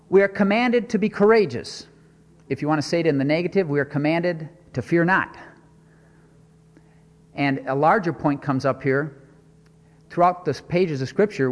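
A man's voice: a little high, long reverb tail. A man preaching a sermon, stressing and repeating his points and asking rhetorical questions.

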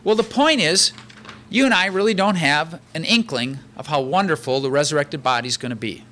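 A male pastor delivers a sermon with animated, conversational energy. His voice is slightly high and strikingly bright, with a ringing edge. He reads verses and breaks them down with everyday examples. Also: moderate pace, a little hiss or hum.

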